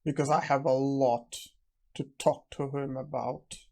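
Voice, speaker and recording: A man reading the lines of a cold, vengeful male necromancer in a manga recap, in a flat, unhurried delivery. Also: mid-range voice, gravelly.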